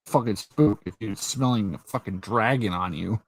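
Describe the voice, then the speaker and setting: With no room sound, a man with a fairly low voice hosts a casual chat at a moderate pace. He recounts scenes with lively storytelling, plenty of swearing, and frequent laughter.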